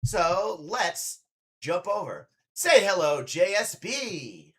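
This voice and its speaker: A man's voice: high voice, very animated, slow, a bit bright. A man, a drag performer, hosting a casual reaction stream with chatty, playful teasing.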